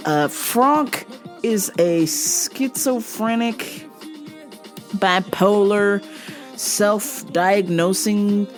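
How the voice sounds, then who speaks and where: A woman's voice: mid-range voice, extremely slow, pauses often, faint music behind. A woman hosting a podcast, telling a comic story about a customer in a loose, profane way. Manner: laughing, profane, animated storytelling. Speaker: podcast host.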